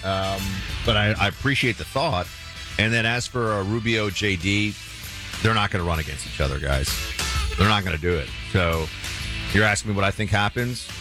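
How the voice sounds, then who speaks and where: Low-voiced male talk radio host. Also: moderate pace, music in the background. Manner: relaxed, conversational, a few filler restarts. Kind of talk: talk radio, taking calls.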